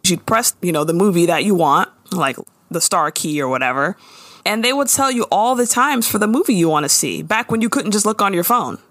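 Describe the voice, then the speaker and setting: A woman's voice: lowish voice, fairly quick, dry recording. Woman chatting on a dry-mic podcast. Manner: animated, laughing, slangy storyteller. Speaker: podcast co-host. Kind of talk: casual recap chat.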